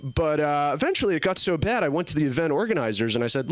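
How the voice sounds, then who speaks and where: A young man in his early twenties works through a stand-up set, wandering through his stories with plenty of fillers. His voice sits slightly high and sounds smooth and clear, and the sound is dry with little room reflection. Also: big pitch swings, fairly quick, few pauses, no room sound. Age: early 20s. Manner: rambling, filler-heavy storytelling. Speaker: stand-up comedian. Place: comedy club stage.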